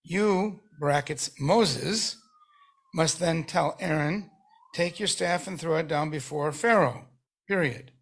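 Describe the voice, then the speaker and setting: Male class participant, higher-pitched and husky, reads quotes slowly and with emphasis. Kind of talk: study discussion, reading translations aloud. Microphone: video call.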